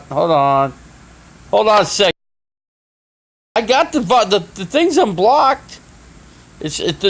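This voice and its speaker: A man live streaming from his phone, flustered and swearing as he talks in a casual, halting way. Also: high-pitched, slight background noise. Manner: flustered, swearing, restarting sentences.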